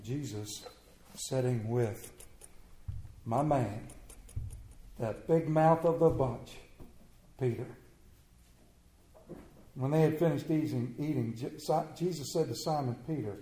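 A man preaching a sermon as pastor, emphatic and animated, swinging from loud to hushed. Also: mid-range voice, slow, pauses often, echoey room, poor audio.

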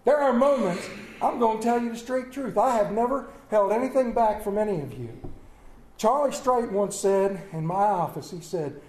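A man preaching a sermon as pastor, impassioned and swinging from loud to hushed. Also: high-pitched, animated, moderate pace. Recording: echoey church room.

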